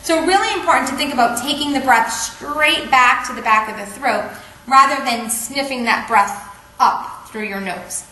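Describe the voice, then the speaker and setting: A woman teaching a yoga breathing technique in a calm, patient way, often checking in with "okay?". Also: sits high, moderate pace. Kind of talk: instructional explanation. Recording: echoey room, faint ambience.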